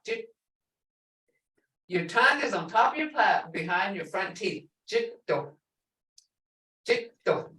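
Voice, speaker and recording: A woman leads a language lesson at an unhurried pace, with a lively, rising and falling voice. She sounds far from the mic in an echoey room, repeating words and coaxing students to answer. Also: medium pitch. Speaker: language teacher.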